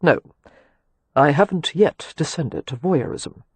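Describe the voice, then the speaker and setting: Husky teasing gentleman, read by a man. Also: expressive, takes it slowly, no echo, full character voice. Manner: wry, teasing, low and intimate. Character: teasing, ardent gentleman, wry and seductive. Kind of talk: audiobook dialogue.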